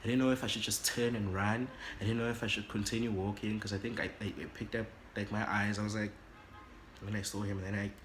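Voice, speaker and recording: South african guy doing a storytime vlog, dramatic and animated, faint hiss behind. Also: lowish voice, quick pace. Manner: animated and dramatic, switches languages. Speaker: YouTuber.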